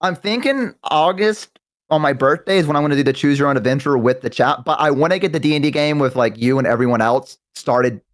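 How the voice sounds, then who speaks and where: A man's voice: a little high, fairly quick, no echo. A man chatting casually on a live stream, rambling and talkative with many restarts, close to a desk microphone.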